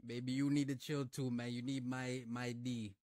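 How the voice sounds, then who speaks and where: Brief: male reaction host, casual slang, jokey asides, mid-pitched, dry booth sound. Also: level tone, moderate pace, darkish tone, no echo, distant mic. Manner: slangy, joking, talks to the clip.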